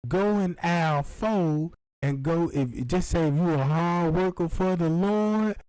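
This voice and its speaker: A man rambles through a loose, profane comic story, dropping in quick put-on voices as he goes. His voice sits on the higher side for a man. The sound is close and dry, with no room around it. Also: a little mellow, clear, resonant tone, dry recording, poor audio. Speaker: comedian.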